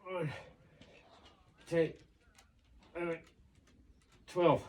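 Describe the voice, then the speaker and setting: A fitness vlogger in his fifties films a workout outdoors, counting reps and walking through his routine in chatty, encouraging coach talk. His medium-pitched voice is expressive and measured with long pauses, on narrow, tinny audio with slight background noise.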